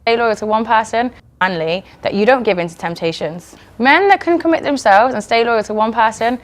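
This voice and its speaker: Quick, persistent woman questioning. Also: a little high. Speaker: guest. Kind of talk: heated debate.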